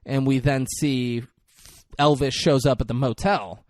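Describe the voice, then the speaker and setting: A man's voice: fairly even intonation, unhurried, dry recording, studio quality. A man co-hosting a podcast, casually recapping a film scene by scene, swearing freely and acting out the characters' lines. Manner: retells scenes acting out characters' lines with big swings in pitch and loudness. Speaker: podcast co-host. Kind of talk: casual movie recap chat.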